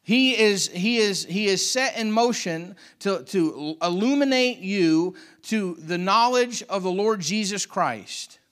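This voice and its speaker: A man's voice: high voice, lively intonation, takes it slowly, hardly any pauses, a bit bright, clean tone. A man preaching a sermon with fervent, dynamic delivery, reading scripture and repeating phrases for emphasis. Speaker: pastor.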